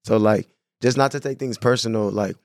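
A man from San Diego, a guest on a podcast, talking in a casual, animated, slangy way. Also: lowish voice, a little fast, vocal fry, dry recording, studio quality. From San Diego, California. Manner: animated, slangy, says "bro" and "you know what I'm saying" a lot. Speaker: podcast guest, clothing brand owner. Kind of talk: casual conversation.

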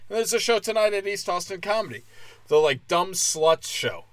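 A man doing crude stand-up, brash and profane, slipping into mocking high-pitched impressions and sounding a little tipsy. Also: lively intonation, normal speed, a bit bright, no room sound. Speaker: stand-up comic.

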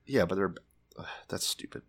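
Man with a lowish voice, irreverent podcast co-host, swears a lot. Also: moderate pace, creaky, slightly rough. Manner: crude, joking, profane. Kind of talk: casual chat.

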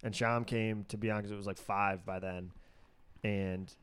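A man's voice: lowish voice, steady tone, unhurried, fairly bright tone, clear, resonant tone. A man with a Boston accent telling a story in casual chat, laughing and swearing freely. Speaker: podcast guest.

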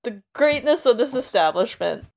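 A woman co-hosting a book podcast in casual chat, talking freely and acting out quotes in quick asides. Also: a little high, sing-song, creaky. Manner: chatty, acts out quotes in asides. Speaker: podcast co-host.

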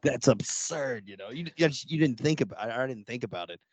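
A man co-hosting a casual movie podcast, joking around with profane quick reactions. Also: medium pitch, animated, crowd noise. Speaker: podcast co-host.

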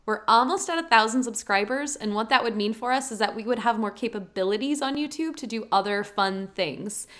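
A woman co-hosting a relaxed podcast, her voice a little high. She laughs often and turns earnest when she asks listeners for favors. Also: brisk, hardly any pauses. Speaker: podcast co-host. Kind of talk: casual chat.

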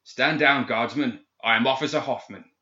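A man's voice: on the low side, normal speed, bright, forceful tone. A man voicing a thin machinist officer who speaks formally, severely and commandingly, with an English accent. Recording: echoey, slightly dull recording.

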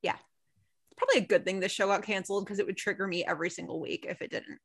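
A woman's voice: mid-range voice, steady tone, fast, creaky, slightly rough. A woman co-hosting a podcast, recapping a TV episode in casual chat, ranting emphatically and swearing freely.

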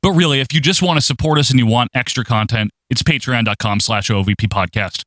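A man's voice: mid-range voice, quick pace, a bit bright, no echo. A man hosting a casual podcast, talking in an upbeat, announcer-like way. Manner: upbeat, announcer-like sing-song intro. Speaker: podcast host.

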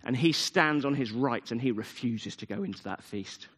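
A man's voice: medium pitch, expressive, normal speed, a bit bright. Preacher man in a reverberant hall. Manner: storytelling, emphatic repetition. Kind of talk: sermon.

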